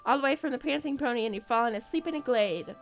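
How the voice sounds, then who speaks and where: A woman's voice: high voice, fast talker, faint music behind. A woman reading the lines of a wise, kindly old male wizard from a game, in her own voice without an accent. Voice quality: read plainly without an accent. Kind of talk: reading game dialogue aloud.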